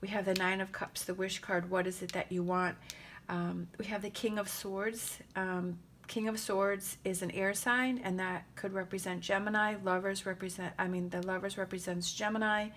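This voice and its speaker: A woman talks through a tarot reading in a gentle, meandering way, full of pauses and soft fillers. Her voice sits at an ordinary pitch, with a faint hiss of noise behind it. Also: little pitch movement. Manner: gentle, rambling, emotional, laughs often. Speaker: tarot reader.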